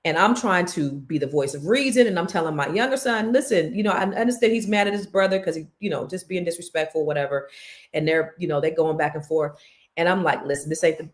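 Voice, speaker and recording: A middle-aged woman, a podcast host telling a family story in a casual, animated way. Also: deep voice. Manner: animated, chatty, with lots of restarts.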